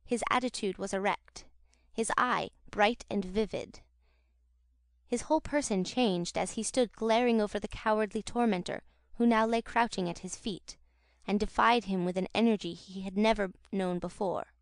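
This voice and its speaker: A woman narrating a classic novel audiobook in a measured, dramatic storytelling manner. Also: medium pitch, dry recording, studio quality.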